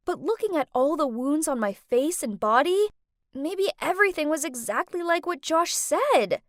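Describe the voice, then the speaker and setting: High, animated young woman narrator. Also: moderate pace, no echo, studio quality. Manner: dramatic, breathless panic rising to screams. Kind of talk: scripted first-person story narration.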